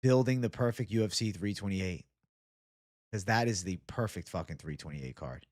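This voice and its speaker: A man's voice: lowish voice, normal speed, a little mellow, no echo, studio quality. A young man from Boston hosting a casual live chat. He talks loosely and swears a lot. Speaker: livestream host.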